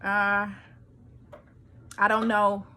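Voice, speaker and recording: A woman chats at home, excitedly telling a story and playing out both sides of her conversations. She talks slowly and unhurriedly, with a bright, forceful edge to her voice. A faint hiss of background noise sits under her voice. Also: mid-range voice. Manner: excited, animated storytelling with quoted dialogue. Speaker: vlogger. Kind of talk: casual chat.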